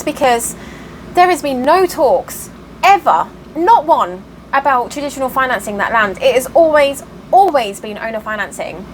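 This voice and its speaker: Woman vlogger, higher voice, tired and frustrated, venting to camera. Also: expressive, moderate pace, a little hiss or hum, low-quality recording. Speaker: cross stitch vlogger. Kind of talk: casual chatty vlog update.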